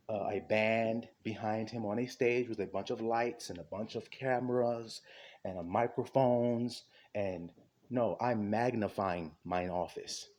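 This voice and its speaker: A man preaching an impassioned sermon, fervent and repetitive, with a husky voice. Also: on the low side, mellow. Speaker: street preacher.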